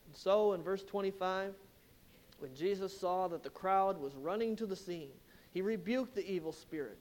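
A man's voice: high-pitched, moderate pace, darkish tone. A man preaching an expository sermon, retelling a Bible passage with emphatic storytelling and rhetorical questions.

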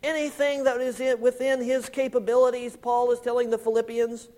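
A man preaching a sermon, slow and deliberate, stressing key words and letting phrase ends fall quiet. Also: extremely high pitch, little pitch movement. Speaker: pastor.

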